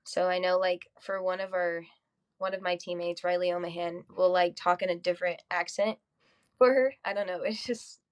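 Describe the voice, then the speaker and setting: A teenage girl being interviewed, shy and soft-spoken, hesitant with ums. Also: lowish voice, fairly even intonation, moderate pace. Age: teens. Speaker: high school softball player guest. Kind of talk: casual interview.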